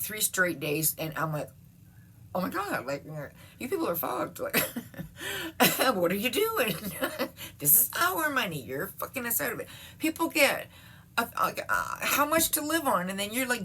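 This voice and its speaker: A middle-aged woman with a lowish voice vents in a casual home vlog. She swears freely, sounds exasperated and laughs between thoughts. A faint hum of room noise sits under her voice. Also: a bit bright. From Canada. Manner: exasperated, profane, laughs often. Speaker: vlogger. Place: at home, seated.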